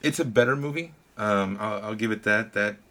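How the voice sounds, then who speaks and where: A man in casual podcast chat, talking earnestly and candidly in short, halting bursts as he reviews a movie. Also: fairly low pitch, bright, forceful tone.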